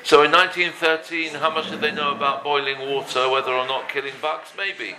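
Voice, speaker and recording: A man teaching a daily religious law class, halting often and mixing Hebrew terms into his talk. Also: a little high, level tone, crowd noise, low-quality recording.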